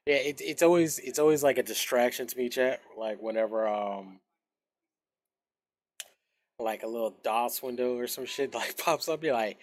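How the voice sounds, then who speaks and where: A man's voice: mid-range voice, moderate pace. A man streaming a video game, chatting casually with his viewers in a loose, rambling way, swearing now and then and humming little scat noises. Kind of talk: casual gaming stream chat.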